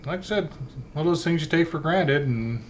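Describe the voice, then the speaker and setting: A man's voice: fairly high pitch, expressive, normal speed, a little hiss or hum. A man who is a podcast guest, talking in a laid-back, casual way and laughing between sentences. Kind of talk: casual chat.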